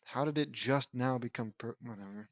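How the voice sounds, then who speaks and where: A man's voice: mid-range voice, moderate pace, no room sound, clean studio sound. A man reading fan fiction aloud as an audiobook, breaking off into sarcastic, self-mocking asides. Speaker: audiobook reader.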